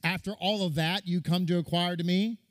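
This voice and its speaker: A man's voice: high voice, fairly even intonation, fairly quick. A man, a rabbi, giving a sermon that retells a midrash, reading and quoting scripture and repeating words for stress.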